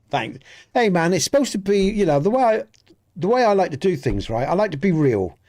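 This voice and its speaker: A man with a Dorset accent talks casually to his live stream viewers, and his voice sits a little high for a man. He rambles earnestly and circles back over his points, restarting his sentences as he goes. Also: sing-song, normal speed, darkish tone. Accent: Dorset English. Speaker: gaming streamer.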